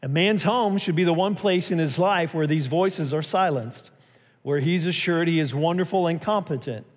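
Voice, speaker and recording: A man's voice: a little high, moderate pace, in a large hall. A man preaching a sermon as pastor, telling a story and acting out its quotes with a raised voice.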